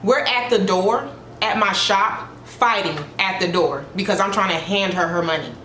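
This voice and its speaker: A woman's voice: mid-range voice, moderate pace, bright, forceful tone, slight background noise. Sassy, blunt woman hairstylist telling a story. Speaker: hair stylist. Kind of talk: casual storytime vlog. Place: her home. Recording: echoey room with faint music.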